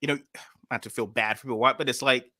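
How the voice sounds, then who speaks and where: A man's voice: mid-range voice, steady tone, fast, sharp tone, no echo, studio quality. A man hosting a casual video chat, talking in a rambling, enthusiastic way. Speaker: host.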